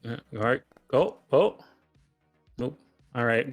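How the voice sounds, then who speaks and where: A man running a tabletop role-playing game as game master, talking in an easygoing, halting way with many fillers. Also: medium pitch, faint music behind.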